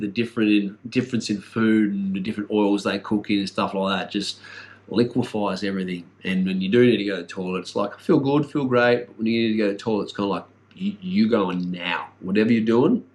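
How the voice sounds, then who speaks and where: A middle-aged man with an Australian accent giving a casual, rambling vlog update, blunt and full of swearing and fillers. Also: on the low side. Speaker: vlogger.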